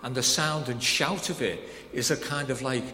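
A man preaching a sermon in a conversational, animated way, swinging between loud proclamation and soft emphasis. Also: mid-range voice, normal speed. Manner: conversational, with many fillers like "kind of, like". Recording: echoey hall with faint background noise.

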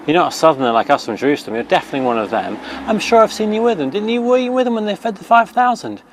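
A man's voice: high-pitched, big pitch swings, rapid-fire, a little hiss or hum, pitched above the performer's own voice. A man voicing a group of bystanders who insistently accuse someone, in a Bible story told to children. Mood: accusing. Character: crowd of accusing male bystanders.

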